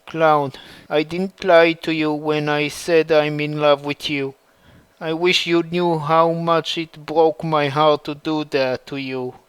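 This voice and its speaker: A man's voice: fairly high pitch, little pitch movement, slow, smooth, no room sound. A man reading the part of a remorseful young woman spy in a fan story. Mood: pleading.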